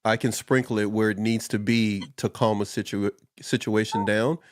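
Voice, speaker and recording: A man co-hosting a casual chat over a video call, easygoing and quick to joke and laugh. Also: fairly low pitch, steady tone, no room sound, clean studio sound. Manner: easygoing, jokey, laughs often.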